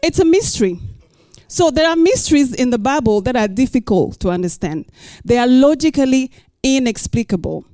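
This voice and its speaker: A middle-aged woman pastor preaches and reads scripture in an expressive way, mixing in playful asides and rhetorical questions. She has a high voice and a brisk pace, and there's no echo.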